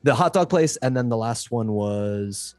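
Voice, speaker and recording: A man guest on a podcast, telling travel stories in an animated, rambling way with lots of fillers. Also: mid-range voice, unhurried, no echo. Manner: animated storytelling with many fillers. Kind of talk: casual chat.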